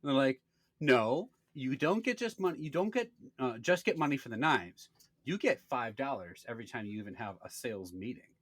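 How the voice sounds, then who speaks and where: Animated, swearing man telling a story. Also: mid-range voice, brisk, dry recording. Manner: animated storyteller, acts out quoted people, swears freely. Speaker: podcast co-host. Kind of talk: casual storytelling chat.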